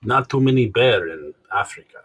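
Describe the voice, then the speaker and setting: A man voicing a stiff, formal male interpreter, speaking in clipped, halting phrases. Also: lowish voice, animated, a bit bright, husky.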